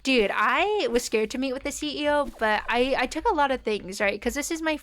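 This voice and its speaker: A young American woman with a neutral accent streams a game and chats casually with her viewers, rambling and using lots of fillers. Her voice is high-pitched, expressive and a bit bright, and she talks briskly.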